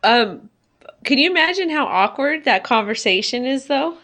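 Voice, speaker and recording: A woman's voice: high-pitched, expressive, normal speed, sharp tone. A woman co-hosting a casual podcast, pushing back skeptically on her co-host.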